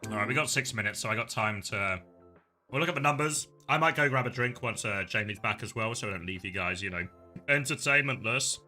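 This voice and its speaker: A man's voice: fairly low pitch, fairly quick, pushed and bright, faint music behind. A man hosting a live esports co-stream, chatting casually, laughing often and answering viewer questions. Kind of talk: casual live commentary chat.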